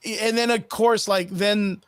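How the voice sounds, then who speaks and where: A man with a fairly high voice tells a story in an animated, profane, filler-heavy way. He speaks as a podcast guest into a close mic. The sound is dry. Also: slow pace, smooth, no echo. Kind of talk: casual chat.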